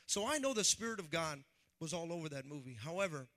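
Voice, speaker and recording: A man, a pastor, preaching a sermon in an animated, conversational way and acting out the voices he quotes. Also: a little high, fast.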